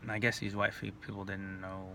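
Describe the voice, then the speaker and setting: A man's voice: fairly low pitch, flat delivery, fairly quick, gravelly, sharp tone. A man, rambling through a profane personal story in a casual monologue, full of "like" and restarts. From Northern California. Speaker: vlogger telling personal stories. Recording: distant mic with faint background noise.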